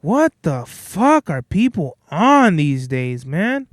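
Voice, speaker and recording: High-voiced profane man ranting. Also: takes it slowly, dry recording, studio quality. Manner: blunt, profane, animated storytelling. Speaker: podcast host. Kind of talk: casual ranting monologue.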